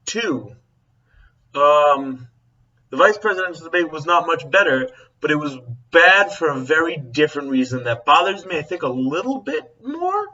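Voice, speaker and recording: A man's voice: fairly high pitch, big pitch swings, moderate pace, sharp tone, distant mic, highs cut off. A man who works as a teacher, chatting casually to camera, rambling and often breaking off to correct himself. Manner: rambling, self-interrupting, chuckling. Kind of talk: casual vlog chat.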